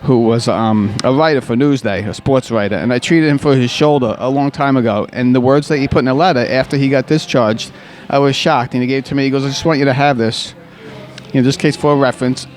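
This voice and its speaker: Male physical therapist, middle pitch, conversational and halting, repeats his opening words, interview guest. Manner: rambling, warm storytelling with frequent restarts and fillers.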